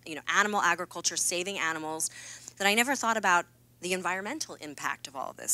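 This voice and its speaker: Bright-toned woman, earnest keynote storyteller. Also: lowish voice. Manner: earnest and confiding, with playful asides. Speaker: keynote speaker. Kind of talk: candid personal storytelling talk. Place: stage at a fireside keynote event.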